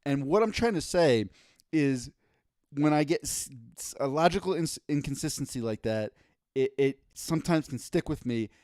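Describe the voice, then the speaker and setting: Podcast co-host, male, fed-up profane rant, slightly higher voice, dry studio sound. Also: expressive, normal speed, darkish tone, dry recording. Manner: exasperated, profane ranting.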